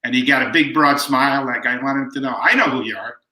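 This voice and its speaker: A man in his fifties, a guest author telling family stories in a relaxed way and acting out the quoted lines. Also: medium pitch, quick pace. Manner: relaxed anecdotal storyteller who acts out quoted lines. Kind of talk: storytelling in conversation. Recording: roomy echo.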